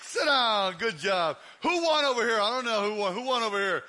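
A man preaching a humorous sermon, loud and teasing the congregation. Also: high voice, expressive, brisk, slight background noise. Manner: loud, joking, teasing the crowd. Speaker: guest preacher.

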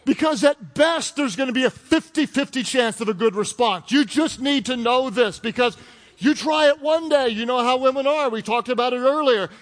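A man preaching a sermon as pastor, animated and joking in a conversational way. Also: very high voice, moderate pace. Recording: long reverb of a large hall.

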